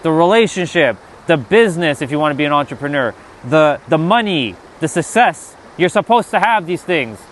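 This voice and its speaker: A man's voice: fairly high pitch, animated, moderate pace, hardly any pauses, a little hiss or hum. A man giving an emphatic, profane spiritual pep talk on a live stream, answering chat outdoors by the water. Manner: emphatic and profane, repeats "right?".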